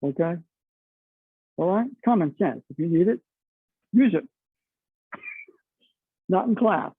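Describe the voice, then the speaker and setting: Chatty man teaching martial arts, gravelly. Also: sits high, lively intonation, takes it slowly, dry recording. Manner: chatty, explains with frequent "you know" and "okay". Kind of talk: teaching a class on the mat. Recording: dry, tinny phone-like sound.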